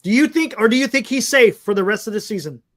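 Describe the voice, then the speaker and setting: Brief: high-pitched male sports talk co-host, chatty, repeats himself, reads viewer comments. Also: expressive, fast, a bit bright. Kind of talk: casual sports talk with live chat.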